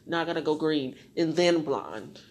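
A young woman hosting a solo podcast, talking to herself and rambling with lots of swearing, dropping to whispers and rising to loud venting. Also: low voice, lively intonation, normal speed, a little hiss or hum. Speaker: podcast host.

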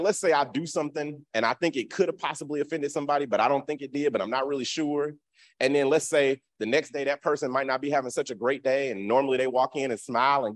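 A man giving a casual teaching talk in a colloquial, conversational way, acting out the voices he quotes. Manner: animated, acts out quoted voices with big pitch swings.

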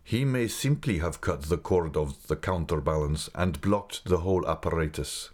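A man voicing a grave, secretive older male guide who speaks slowly and mournfully. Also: low-pitched. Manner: slow, measured, mournful.

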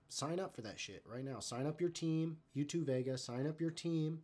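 A man's voice: mid-range voice, darkish tone. A man hosting a live stream in casual chat, talking in a loose, rambling, profane way.

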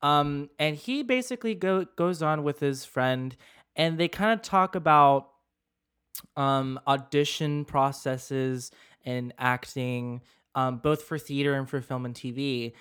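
Male podcast co-host, casual chat; clear smooth mid-range voice, hesitant and halting. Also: mid-range voice, fairly bright tone. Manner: hesitant, many ums, stumbles on words.

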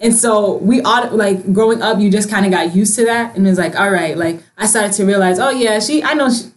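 A woman's voice: medium pitch, fairly quick. A young woman in a casual group conversation, telling stories animatedly, acting out what her family says and laughing often. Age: young adult. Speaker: discussion participant.

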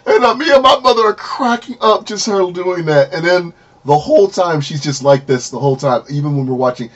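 Man, podcast host, husky, fairly high voice, animated storytelling, casual chat. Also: brisk, lo-fi sound. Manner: animated storyteller, acts out quotes, laughs often.

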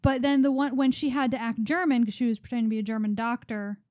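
A woman's voice: on the high side, steady tone, fast, darkish tone, no echo, studio quality. A young adult woman co-hosting a podcast in casual chat, talking in a chatty way full of fillers. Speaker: podcast co-host.

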